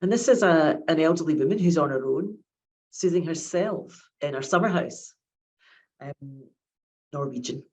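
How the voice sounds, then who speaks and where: A woman's voice: deep voice, animated, moderate pace, a little mellow, low-quality recording. A woman, giving a chatty academic lecture on child psychiatry and often repeating her words.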